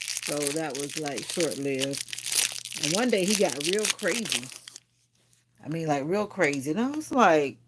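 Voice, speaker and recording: A woman's voice: on the low side, noisy background. A woman hosting a casual livestream, chatting and answering viewer comments aloud. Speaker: livestream host.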